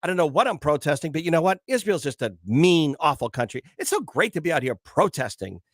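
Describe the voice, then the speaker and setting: A man putting on the voice of a clueless young female college protester, gushing in a high, bubbly tone. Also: big pitch swings, brisk, fairly bright tone, dry recording, studio quality, full character voice. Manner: gushing, high-pitched valley-girl chatter.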